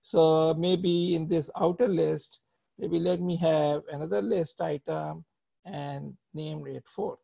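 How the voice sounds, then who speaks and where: A man gives a live coding lecture, explaining patiently as he types, checking in with students, and tagging many phrases with "right?". His gravelly voice is on the high side, steady, and slow, and the audio is muffled and lo-fi.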